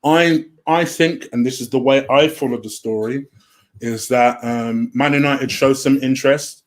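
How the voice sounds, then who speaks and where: Casual solo commentary from a home room: a man hosts his own home-made football transfer rumour show, chatty, easily sidetracked and heavy on "um." He speaks at a measured pace in a mid-range voice.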